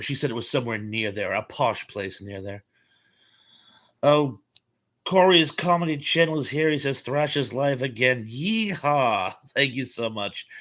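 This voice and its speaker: An American man with a mid-range, slightly bright voice hosts a casual live stream. He rambles through stories and reads out viewer comments, peppering his talk with fillers and chuckles.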